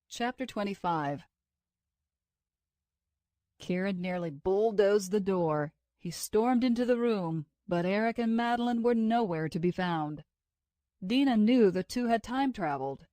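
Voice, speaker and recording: A woman reads an audiobook in a steady, measured way, delivering scripted narration. Her voice sits in the mid-range, and the studio-quality recording has no echo.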